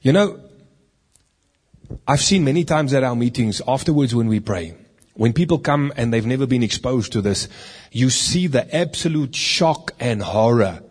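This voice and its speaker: A man's voice: mid-range voice, animated, normal speed, husky. A man preaching a sermon in a conversational way, with rhetorical questions and stories from his meetings.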